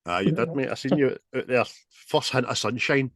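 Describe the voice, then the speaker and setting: A man's voice: medium pitch, brisk, no room sound, clean studio sound. Glaswegian man hosting a podcast. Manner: swearing, lively banter. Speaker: podcast host. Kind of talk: casual chat.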